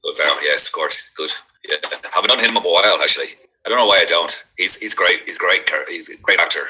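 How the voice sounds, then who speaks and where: A man's voice: deep voice, fast, bright, forceful tone, rough recording. A man, an actor, chatting casually and rambling about doing accents, with lots of fillers. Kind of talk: casual chat.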